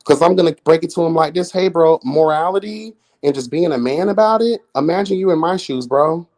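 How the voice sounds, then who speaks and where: A man doing casual live-stream commentary, sassy and flamboyant, swearing often, jumping into high exclamations and chatting with viewers. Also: a little fast, a little mellow. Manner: chats with viewers in chat.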